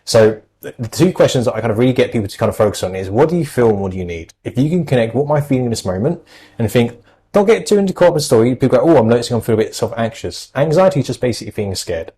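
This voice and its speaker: A man talks quickly and earnestly, offering reassuring advice on anxiety in a podcast chat. His voice sits at a medium pitch, and he leans on fillers as he goes. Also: lively intonation, warm tone, husky, low-quality recording.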